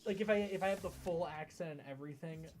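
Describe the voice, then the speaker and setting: This American man is live streaming and chatting casually with viewers, rambling along and often reading the chat aloud. His voice is fairly high with a darkish tone, he talks fast, and music plays in the background.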